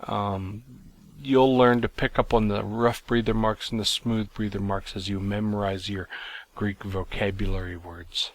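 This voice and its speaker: A man teaching a recorded lesson, explaining in a plain, measured way with some fillers and restarts. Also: fairly low pitch, little pitch movement. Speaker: Greek teacher.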